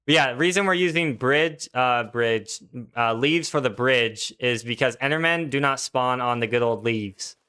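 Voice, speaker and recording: A man's voice: medium pitch, moderate pace, pushed and bright, smooth. A young man streaming a video game, chatting casually in a laid-back, slangy way and answering his chat as he plays. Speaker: gaming streamer. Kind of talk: casual live-stream commentary.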